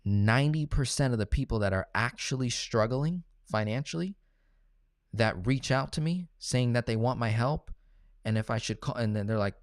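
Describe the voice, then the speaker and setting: A man coaching viewers on money, answering live questions in a blunt, animated way and acting out both sides of his stories. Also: mid-range voice, normal speed, no echo, studio quality. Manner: blunt, animated storytelling, acts out callers and himself. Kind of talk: casual live Q&A.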